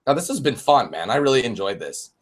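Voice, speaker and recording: A man in his twenties chatting on a live-streamed Q&A, animated, swearing and laughing often. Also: medium pitch, brisk, slightly rough. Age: 20s. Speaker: YouTube gamer and streamer.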